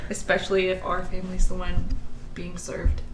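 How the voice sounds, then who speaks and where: A woman's voice: lowish voice, completely flat delivery, normal speed, slightly rough, rough recording. A woman co-hosting a podcast in casual chat, throwing in wry, teasing asides. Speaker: podcast co-host.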